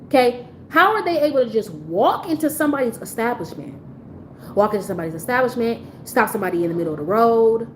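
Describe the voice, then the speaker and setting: A woman on a live stream delivers a blunt, profane commentary rant in a fairly high voice. Her pitch swings widely as she presses her point with disbelief. A faint noise sits under the recording. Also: sing-song, fast, rough recording.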